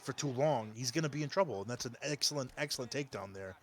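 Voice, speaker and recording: Man, medium pitch, fight co-commentator, halting analysis, stumbling restarts. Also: a bit bright, a little hiss or hum. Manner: hesitant, many fillers and restarts. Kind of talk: video game fight commentary.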